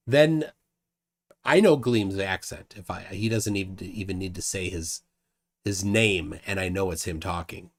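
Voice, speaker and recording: Halting, slow-talking male streamer. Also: fairly low pitch. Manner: halting, stammering repeats, chuckles between thoughts. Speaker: livestream host. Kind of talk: casual live chat reading viewer comments.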